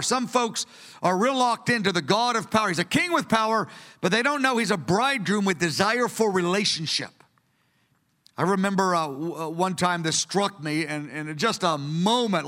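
A man in his sixties preaching a teaching sermon from printed notes, earnest and storytelling, with bursts of excited emphasis. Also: high-pitched. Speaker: preacher teaching a study session. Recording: long reverb of a hall.

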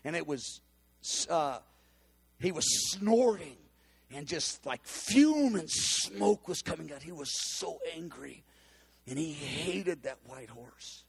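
A man telling a personal testimony in an animated storytelling manner, acting out the quotes with cries and laughs. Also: on the high side, slow pace, vocal fry.

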